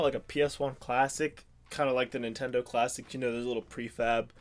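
A man's voice: medium pitch, steady tone, fairly quick. Rambling young man chatting casually. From Pittsburgh area. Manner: rambling, many ums and restarts. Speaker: podcast co-host. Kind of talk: casual chat.

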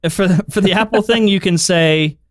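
A man's voice: high voice, moderate pace, dry recording, studio quality. A man giving heated, profane opinions in a casual podcast chat. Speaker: podcast co-host.

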